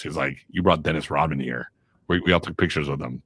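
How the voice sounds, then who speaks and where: A man, a radio and voiceover professional, telling animated anecdotes in casual chat, acting out the people in his stories. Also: very deep voice, quick pace, no echo. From Chicago area. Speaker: guest voiceover artist and radio personality.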